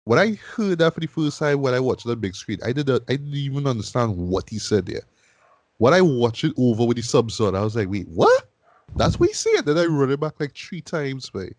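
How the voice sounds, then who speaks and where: A man's voice: medium pitch, very animated, brisk, no echo. Laid-back man chatting. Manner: loose and conversational, repeats "boy" as a tag. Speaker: podcast host. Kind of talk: casual film review chat.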